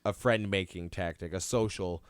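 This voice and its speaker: Podcast host, man, smooth resonant voice, loose rambling delivery, dry close mic. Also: low voice, steady tone, normal speed, dry recording. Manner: rambling, restarts, laughs along. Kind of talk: casual podcast chat.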